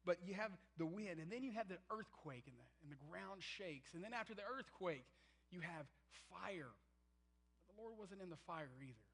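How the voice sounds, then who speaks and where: Male pastor, fairly high voice, emphatic sermon delivery with loud and hushed swings. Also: animated, normal speed, gravelly, husky, poor audio. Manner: emphatic, swings from loud to near-whispered, acts out quotes.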